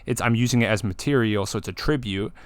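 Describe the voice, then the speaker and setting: A man co-hosting a podcast, talking excitedly about card games, swearing and acting out game moments. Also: on the low side, fast talker, clean tone, no echo. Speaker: podcast co-host. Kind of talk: casual chat.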